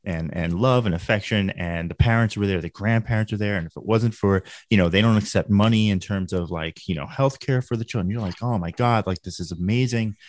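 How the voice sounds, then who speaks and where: A man's voice: fairly low pitch, brisk, hardly any pauses, dry recording. A man who is a podcast guest, telling a long story in a rambling, filler-heavy way. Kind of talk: casual storytelling.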